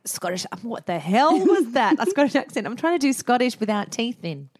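A woman's voice: a little high, sing-song, brisk. A woman co-hosting a podcast in casual chat, teasing and playful. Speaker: podcast co-host.

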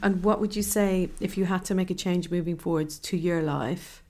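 A woman hosting an interview, asking gentle questions in a soft, encouraging way. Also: fairly low pitch, fairly even intonation, normal speed. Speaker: interviewer, podcast host.

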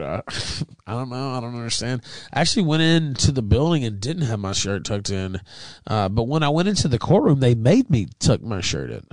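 A young man hosting a podcast, telling stories in a petty, profane, animated way. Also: on the low side, no echo. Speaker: podcast host. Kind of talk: casual chat.

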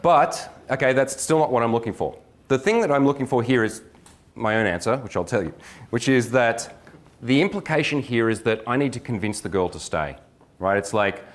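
A middle-aged man, a dating coach, giving a lively workshop lecture with jokes and acted-out examples. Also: mid-range voice, moderate pace. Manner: energetic, joking, acts out examples.

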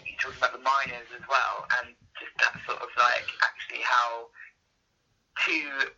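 A man's voice: medium pitch, completely flat delivery, moderate pace, bright, forceful tone, husky. A man from the UK co-hosting a podcast, chatting casually and rambling with lots of fillers. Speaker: podcast co-host. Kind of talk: casual chat. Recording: dull lo-fi audio.

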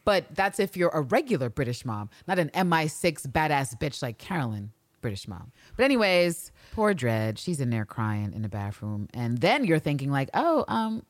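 A woman's voice: low-pitched, very animated, moderate pace, few pauses, no echo. A woman co-hosting a podcast, recapping a TV episode in casual chat and acting out the characters' lines with sass. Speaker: podcast co-host.

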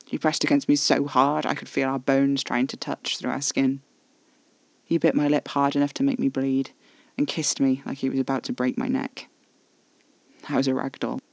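A man reads first-person horror fiction in a low, intimate hush, keeping his delivery even and flat. His voice sits somewhat high and has a gravelly edge. The recording is close and completely dry. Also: moderate pace, no echo. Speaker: narrator.

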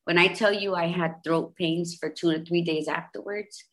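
A low-pitched woman in her fifties talks openly as an interview guest. She tells her story with emphasis, repeating phrases to drive her points home. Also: normal speed. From Bridgeport, Connecticut, US. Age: 50s. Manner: emphatic, repetitive, animated storytelling. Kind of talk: candid personal interview.

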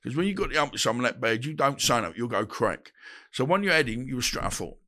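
A man's voice: medium pitch, very animated, quick pace, bright, forceful tone. A man, telling stories bluntly in a casual interview and acting out the dialogue he quotes. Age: 50s. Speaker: guest, boxer.

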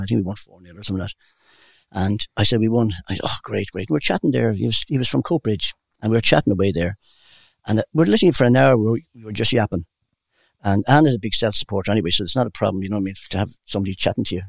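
Brief: older male interviewee, fast and gravelly, dry close sound, anecdotal rambler. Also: on the low side, dry recording. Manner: rambling, warm anecdotal storyteller. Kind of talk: casual storytelling.

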